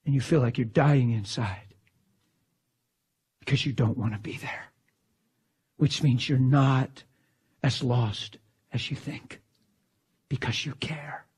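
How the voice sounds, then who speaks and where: A male preacher delivering a fervent sermon in a husky voice, swinging from exclamations down to hushed whispers. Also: mid-range voice, slow, long pauses.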